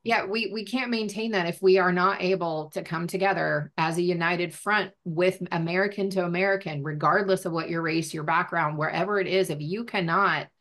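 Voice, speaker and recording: A woman's voice: lowish voice, steady tone, moderate pace, few pauses, a bit bright. A woman hosting a podcast interview, talking in an encouraging, outspoken way. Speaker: podcast host. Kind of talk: interview conversation.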